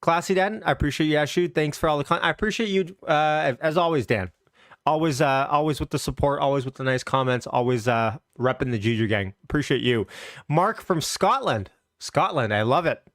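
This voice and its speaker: A man's voice: fairly high pitch, fairly quick, a bit bright, no room sound, studio quality. A man hosting a casual stock market livestream, upbeat and chatty, greeting viewers from the chat with loose restarts.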